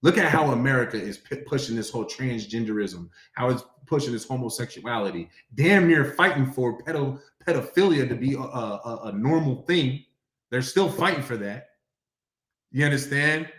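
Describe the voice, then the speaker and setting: A man's voice: mid-range voice, expressive, normal speed. A man teaching a scripture class in a preachy lecturing manner, often stopping to ask if listeners understand, and reading verses aloud in a raised, declaiming voice. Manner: preachy, checks in often with rhetorical questions. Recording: echoey room.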